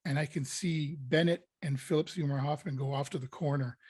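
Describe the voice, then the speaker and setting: Lively man telling anecdotes, slightly high voice. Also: a little fast, slightly rough, no room sound. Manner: lively anecdotes, acting out his own panic. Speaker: actor being interviewed. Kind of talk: casual storytelling interview.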